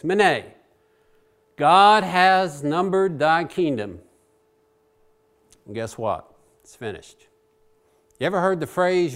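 A man preaching a Bible sermon in a chatty, animated way, swinging between loud and quiet. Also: a little high. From Virginia.

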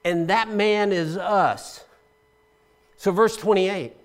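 A man preaching a sermon, explaining scripture conversationally and asking the congregation questions, swinging between loud emphasis and hushed asides. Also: sits high, slow. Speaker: pastor.

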